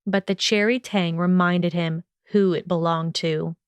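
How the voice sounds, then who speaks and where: A woman narrating a fan-fiction audiobook for her podcast with steady storytelling delivery. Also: on the low side, unhurried, clear, resonant tone, no echo.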